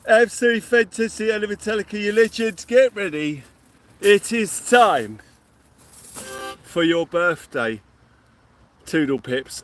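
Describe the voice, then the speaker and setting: At night on a beach, a man hosts a casual livestream, giving cheery shout-outs and telling jokey stories. His voice sits high.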